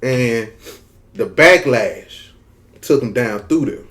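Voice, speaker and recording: A man with a thick Mississippi drawl tells a story to camera in a loose, laid-back way, stretching his words and peppering them with slang. His voice sits at a plain middle pitch and never sounds polished. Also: lively intonation, slow pace, a bit bright. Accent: Mississippi Southern drawl. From Mississippi, US South. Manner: laid-back, drags words, slangy, frequent "you know what I'm saying". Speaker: content creator. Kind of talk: casual storytelling monologue.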